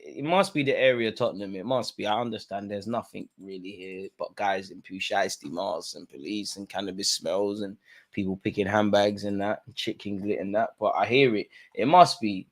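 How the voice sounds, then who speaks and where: A man hosting a live football watch-along, chatting in slang about the match and breaking into loud shouts when a chance or goal comes. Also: mid-range voice. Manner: London slang, bursts into shouting at chances and goals.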